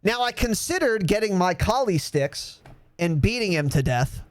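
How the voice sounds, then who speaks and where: A young man in his twenties hosting a podcast, telling a story in a loose, animated way, swearing and laughing as he goes. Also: sits high, normal speed, no echo. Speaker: podcast host. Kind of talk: casual storytelling.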